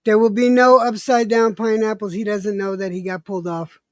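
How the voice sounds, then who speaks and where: A man's voice: sits high, level tone, brisk, no echo. A man hosting a casual stream chat, joking and laughing, with profane banter.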